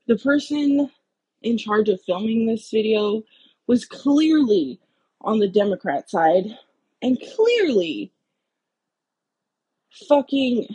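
A woman's voice: mid-range voice, mellow, breathy edge, low-quality recording. A woman vlogger giving a heated, blunt political rant full of swearing. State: out of breath.

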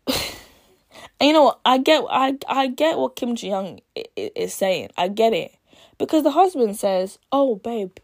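A young woman talks through a book she has read in an easy, chatty way. She slips in and out of the characters' voices and keeps checking in with her listeners. Her pitch sits in a middle range. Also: vocal fry. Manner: chatty and animated, acting out characters' lines, asking "right?". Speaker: book reviewer. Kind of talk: casual book talk retelling a plot.

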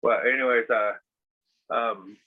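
Speaking slowly in a steady, slightly rough, medium-pitched voice, a man tells a rambling story as a podcast host, with lots of fillers and swearing. The audio sounds tinny, as if over a phone.

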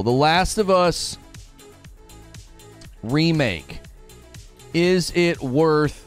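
A man hosting a livestream, ranting at his chat in an exasperated, sarcastic, mocking way. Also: mid-range voice. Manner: mock voices of chatters. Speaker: livestream host.

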